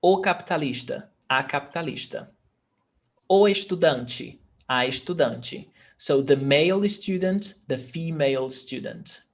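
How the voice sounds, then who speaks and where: Slow, patient Portuguese tutor, man. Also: fairly high pitch. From Brazil. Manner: slow, patient, repeats words for students. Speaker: Portuguese teacher. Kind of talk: language lesson explaining grammar.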